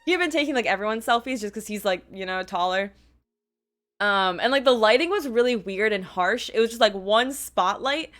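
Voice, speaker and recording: A woman's voice: medium pitch, expressive, a little fast, a bit bright. A young woman streamer telling a story in a casual, gushing, chatty way, full of "like" and acted-out quotes. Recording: faint music behind the voice.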